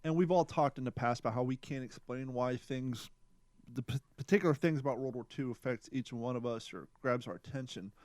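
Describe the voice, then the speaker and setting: A man's voice: medium pitch, a little fast, a little mellow, dry recording. A man co-hosting a podcast, talking casually and thinking aloud in a rambling, conversational way. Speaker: podcast co-host.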